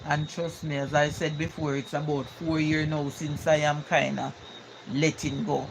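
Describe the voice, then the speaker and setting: An older woman with a Jamaican accent talks casually on a live stream, reading viewer comments aloud. She speaks in a heartfelt, repetitive way and keeps coming back to her main points. Clear background noise runs under her voice. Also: sits low, little pitch movement, normal speed.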